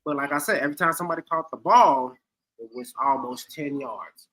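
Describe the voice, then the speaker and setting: Bright, high-voiced man grading a game. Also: a little fast, low-quality recording. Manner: repeats "like I said", playful. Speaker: podcast co-host giving grades. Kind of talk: casual sports chat.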